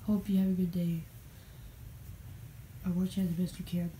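A woman's voice: fairly low pitch, level tone, a little fast, dark tone, slight background noise, lightly acted. A woman voicing an earnest male cartoon guest who rambles through a eulogy, correcting himself as he goes, in a homemade puppet show.

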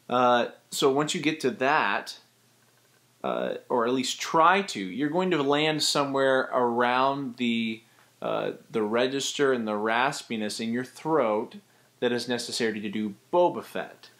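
A man's voice: mid-range voice, measured pace. Chatty man teaching voice acting. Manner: lively, chatty, demonstrates voices mid-sentence. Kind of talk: casual tutorial.

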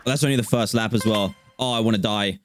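A man's voice: lowish voice, fast, music in the background. A man giving live commentary on his own gameplay, bursting out in exasperated, self-mocking remarks. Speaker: streamer. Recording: audible background noise.

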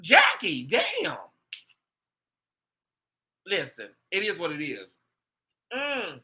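Chatty, bright-voiced man gossiping. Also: on the high side, measured pace. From United States. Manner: chatty, gossipy, animated asides to viewers. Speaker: host. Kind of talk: casual commentary to viewers.

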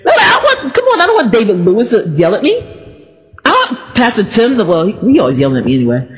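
Animated woman in an echoing space. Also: on the high side, quick pace. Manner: animated, laughing, repeating words. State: sleepy with allergies. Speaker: church member sharing devotional thoughts. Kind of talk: casual faith talk. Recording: reverberant, dull lo-fi sound.

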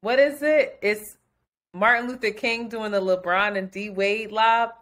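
A young woman co-hosting a podcast, chatting casually in an animated, gushing way with frequent laughter. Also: mid-range voice, unhurried, a little hiss or hum. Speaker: podcast co-host. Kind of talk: casual chat.

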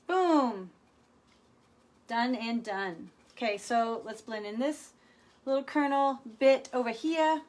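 A woman's voice: fairly high pitch, lively intonation, slow, darkish tone. Playful woman demonstrating painting techniques. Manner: chatty, playful, talks to viewers. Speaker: furniture painting host.

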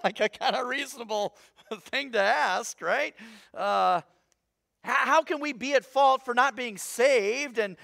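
A man preaching a sermon as pastor, animated and conversational, acting out little voices as he goes. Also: very high voice, vocal fry, no echo, clean studio sound.

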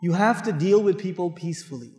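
A high-pitched man from Pakistan preaches to a crowd in a large mosque hall. He tells lively stories and plays out the dialogue himself. His voice rings through a roomy space with a long trailing reverb. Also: brisk, faint music behind. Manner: animated storyteller who acts out dialogue and jokes with the crowd. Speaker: Islamic lecturer. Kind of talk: mosque lecture with personal stories.

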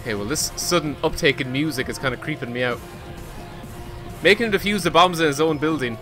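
A man streaming himself playing a video game. He gives casual commentary in an excitable, self-mocking way and swears often. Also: a little high, fairly quick, music in the background. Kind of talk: casual let's-play commentary.

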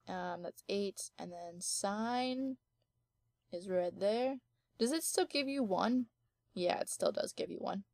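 A young woman chats her way through a game at an unhurried pace, giggling and musing aloud with frequent ums. Her voice sits at a middling pitch. The sound is close and dry, with almost no room echo. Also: a little mellow. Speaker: let's play gamer. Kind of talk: casual gameplay commentary. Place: home office.

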